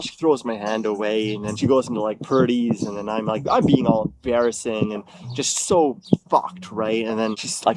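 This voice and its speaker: A man's voice: medium pitch, moderate pace, a little mellow, slight background noise. A man telling a story in an agitated, rambling way, swearing heavily and acting out both sides of the dialogue. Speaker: interviewee. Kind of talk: confessional storytelling.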